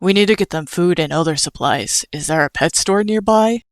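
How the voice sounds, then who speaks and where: Give me a woman playing a calm, practical skeleton guy. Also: lowish voice, normal speed, no echo, studio quality, close to an everyday voice.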